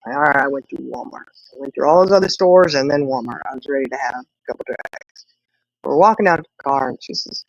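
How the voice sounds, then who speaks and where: Gravelly woman chatting casually. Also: very deep voice, quick pace, no room sound, lo-fi sound. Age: middle-aged. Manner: rambling storytelling with laughs. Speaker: livestream host. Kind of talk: casual chat with viewers.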